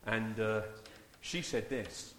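A man leading a church service in an informal, halting way, often repeating his words. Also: fairly low pitch, fairly bright tone, slight background noise. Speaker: church leader. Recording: echoey church hall, far mic.

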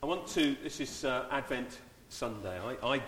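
A man leading a church service in an informal, halting way, often repeating his words. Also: mid-range voice, a bit bright, a little hiss or hum. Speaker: church leader. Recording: echoey church hall, far mic.

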